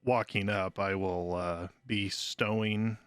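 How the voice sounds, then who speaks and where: A man playing a tabletop game, relaxed and joking. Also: on the low side, takes it slowly, smooth, no room sound, studio quality. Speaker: player.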